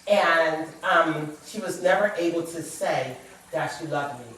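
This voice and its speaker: A woman's voice: deep voice, measured pace, fairly bright tone. Earnest woman in an echoey room. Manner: earnest, reflective storytelling. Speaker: guest author. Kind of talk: personal testimony in a talk show. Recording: echoey room, far from the mic.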